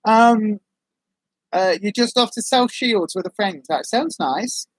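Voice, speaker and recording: Speaking at a moderate pace in a mid-range, expressive voice, a woman hosts a casual livestream and works through viewer comments. Her chatter is rambling and warm, peppered with ums, and the sound is free of echo.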